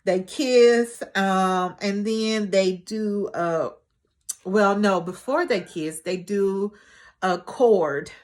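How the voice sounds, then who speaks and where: A woman vlogger recapping a TV episode in casual chat, chatty and animated with joking asides. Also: mid-range voice, drawn-out words.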